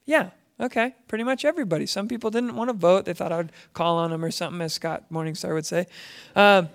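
A man's voice: high voice, fast talker, creaky. A man teaching a Bible lesson as a conversational sermon, asking his listeners questions as he goes. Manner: conversational, asks the audience questions. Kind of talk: sermon to a congregation.

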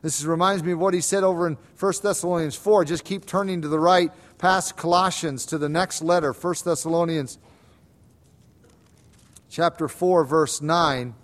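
A man preaches in a high voice, moving between quiet explanation and loud, repeated urging. He is a pastor delivering a sermon and stresses his points by saying them again and again. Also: steady tone, normal speed. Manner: emphatic preaching, swings between soft and loud.

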